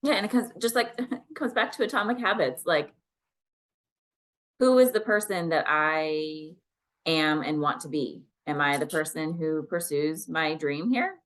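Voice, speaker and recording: A woman co-host chats on a podcast in an encouraging, coach-like way. Her voice sits on the lower side yet sounds bright and forward, and her manner stays upbeat. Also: a little slow. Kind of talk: casual chat.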